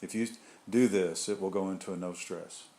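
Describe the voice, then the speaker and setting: A man with a fairly low, warm voice guides a small group through a casual spiritual talk at a moderate, steady pace. As group leader, he rambles conversationally, circling back and tossing in asides.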